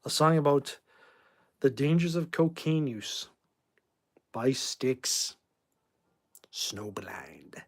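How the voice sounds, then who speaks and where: A sleep-starved Massachusetts man in his forties hosts a casual livestream, replying to chat in a blunt and rambling way. His medium-pitched voice is expressive, he draws out his words, and he pauses often.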